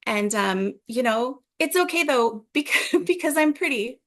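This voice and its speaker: High-voiced joking American woman. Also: animated, measured pace, fairly bright tone. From Los Angeles, USA. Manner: playful, teasing, self-mocking jokes. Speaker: comedian guest. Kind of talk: casual podcast chat.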